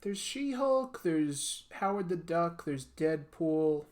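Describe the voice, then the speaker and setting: A man's voice: on the high side, expressive, slow pace. A man hosting a casual art livestream, chatting in a rambling, joking way while he draws. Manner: rambling, joking, lots of fillers. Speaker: comics artist and livestream host.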